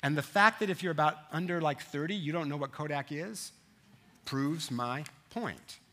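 A man in his fifties preaching a sermon as pastor, telling stories with lively asides to his congregation. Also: a little high, normal speed. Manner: animated storytelling, asides to the congregation.

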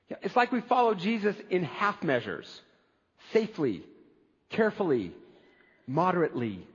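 A pastor preaching a sermon in a conversational, animated way, with asides to the congregation. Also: male voice, high-pitched, moderate pace, pauses often, slightly rough, in a large hall, lo-fi sound.

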